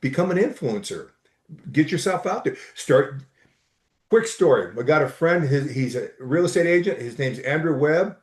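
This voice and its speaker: A man's voice: fairly high pitch, animated, normal speed. A middle-aged man, a guest telling stories in a casual chat, enthusiastic and rambling with restarts. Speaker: podcast guest, entrepreneur. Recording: echoey room.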